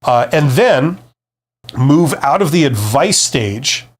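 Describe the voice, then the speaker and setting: Slow but animated, a man with a mid-range voice gives career advice on his live-stream Q&A, responding to viewer comments. The former CEO keeps it conversational and emphatic.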